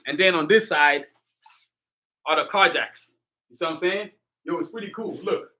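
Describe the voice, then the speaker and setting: A man's voice: a little high, moderate pace, bright, forceful tone. A man hosting his own livestream, talking casually in a hyped, motivational, slangy way straight to his viewers. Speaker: livestream host, artist.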